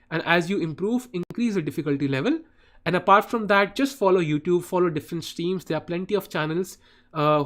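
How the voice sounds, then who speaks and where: High-voiced man streaming chess. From India. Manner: chatty, addresses chat viewers by name, often says "guys". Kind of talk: live stream commentary.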